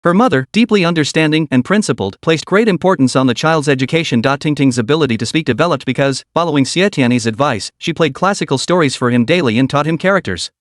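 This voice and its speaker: A man reads a romance comic recap as scripted narration. His voice sits fairly high and moves with very lively intonation. The sound is dry and close. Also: fast talker, hardly any pauses, no room sound.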